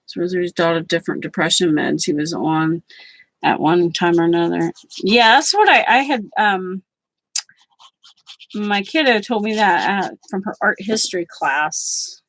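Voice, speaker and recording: A woman's voice: on the low side, unhurried, a bit bright, dry recording, poor audio. Outspoken middle-aged woman crafting and chatting. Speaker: craft vlogger. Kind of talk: casual chat while crafting.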